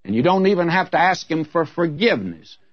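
A man's voice: fairly high pitch, big pitch swings, brisk, no room sound, highs cut off. A man preaching an expository sermon as a radio Bible teacher, earnest and folksy, with candid humorous asides.

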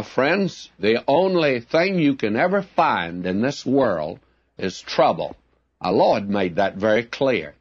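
A man's voice: medium pitch, no room sound, dull audio. A man teaching verse by verse from the Bible in an earnest, plainspoken way, often calling his listeners friends.

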